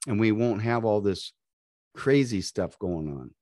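A man's voice: on the low side, lively intonation, a little slow, mellow, dry recording, studio quality. A man co-hosting a live podcast, talking in a motivational, preachy, encouraging way. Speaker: podcast co-host.

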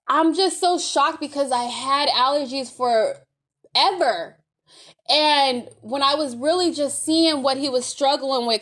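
A woman's voice: sits high, fairly bright tone. A woman giving a casual spoken testimony, rambling and faith-filled, calling her viewers y'all.

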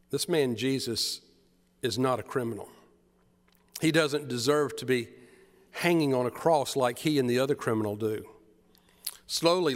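A man's voice: on the high side, in a large hall. A man preaching a sermon, retelling the story with drama and repeated phrases.

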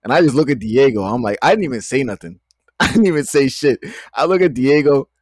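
A man's voice: medium pitch, animated, brisk. Laid-back New guy telling stories. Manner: laid-back, slangy, laughs through stories. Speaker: podcast co-host. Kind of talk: casual storytelling.

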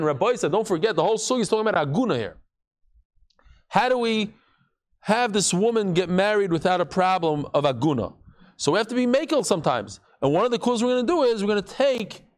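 Lively, high-pitched male Talmud teacher, playing out stories in class. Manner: animated, acts out quotes with shifting voices and jokes.

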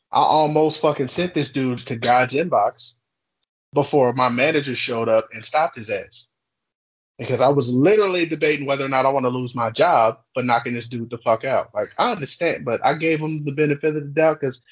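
Young guy on a podcast ranting through a work story, cussing a lot, animated, mid-pitched voice. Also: low-quality recording. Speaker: podcast co-host telling a story. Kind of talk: casual chat.

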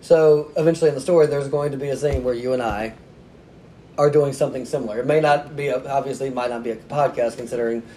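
A man's voice: mid-range voice, fairly even intonation, quick pace, dark tone, slight background noise. A man talking as a podcast guest, telling a story in a casual, self-mocking way and laughing often.

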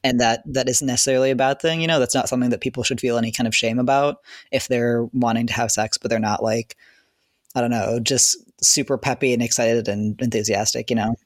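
Male co-host, mid-pitched voice, dry close sound, halting conversational delivery. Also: fairly even intonation, dry recording. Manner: hesitant, searching for words. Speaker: podcast co-host. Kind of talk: casual chat.

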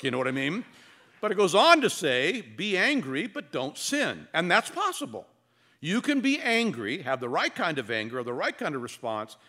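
A male pastor delivering an expository sermon. His pitch rises and falls widely as he reads and explains scripture. He slips in wry humor and leans on dramatic pauses. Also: pushed and bright.

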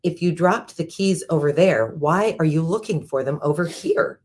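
A woman reading the lines of a male policeman who questions a man on the street, in a calm, plain manner. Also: sits low, moderate pace. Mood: puzzled.

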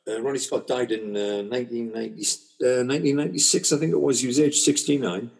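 Man musing in a relaxed chat. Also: medium pitch, fast talker, creaky, breathy edge. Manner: conversational, reflective, stammers on restarts. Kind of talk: casual chat.

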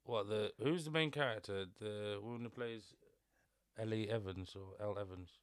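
A man's voice: fairly low pitch, moderate pace, smooth, no echo, clean studio sound. A man co-hosting a casual podcast, quizzing and arguing with his co-host in a teasing way. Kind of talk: casual chat.

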